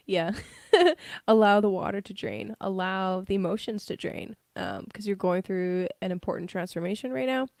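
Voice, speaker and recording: A woman's voice: mid-range voice, moderate pace, vocal fry, hardly any pauses, a little mellow, dry recording, studio quality. A woman giving a casual live tarot reading, giggly and rambling, with frequent swearing. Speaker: tarot reader.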